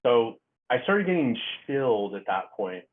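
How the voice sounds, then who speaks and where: A middle-aged man, a guest author, telling a story in a halting way with many fillers and restarts. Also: medium pitch, very animated. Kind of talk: casual storytelling interview. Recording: tinny phone-like line.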